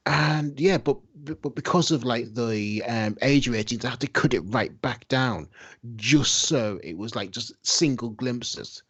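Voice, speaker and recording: A man on a podcast, explaining film production details in a relaxed, informative way. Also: medium pitch, measured pace, breathy edge, highs cut off. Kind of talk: casual chat.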